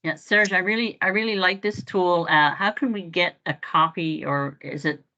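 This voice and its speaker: Female workshop participant, earnest, lowish voice, dull lo-fi audio. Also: pushed and bright. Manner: earnest, halting restarts. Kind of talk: question in a workshop. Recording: dull lo-fi sound.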